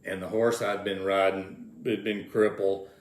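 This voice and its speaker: A man's voice: deep voice, level tone, unhurried. An older man, telling folksy rodeo stories as an interview guest, repeating words as he goes. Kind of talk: casual storytelling. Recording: roomy echo.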